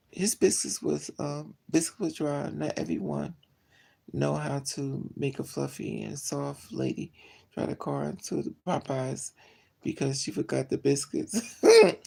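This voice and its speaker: Very gravelly, husky storyteller with a lively voice. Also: mid-range voice. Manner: animated, gossipy, acts out both sides of a story. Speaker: vlogger. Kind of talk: casual storytelling chat.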